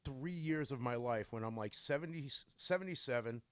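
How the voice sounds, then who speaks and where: A man talking in casual chat, rambling and hesitant as he pads his sentences with fillers and restarts. His voice sits at a middle pitch and sounds close and dry, with no room echo. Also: moderate pace, a bit bright, smooth.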